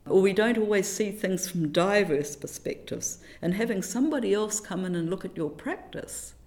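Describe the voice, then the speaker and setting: A middle-aged woman from New Zealand, a teacher educator telling stories in an interview, animated and self-deprecating, fond of quoting little sayings. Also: mid-range voice. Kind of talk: reflective conversational interview.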